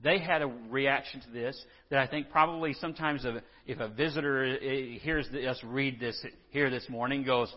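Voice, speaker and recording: Man preaching, husky voice, mid pitch, long hall reverb, dull lo-fi sound. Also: normal speed, few pauses. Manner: conversational and earnest, with restarts and asides. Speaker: pastor. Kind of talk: sermon with scripture reading. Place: church sanctuary.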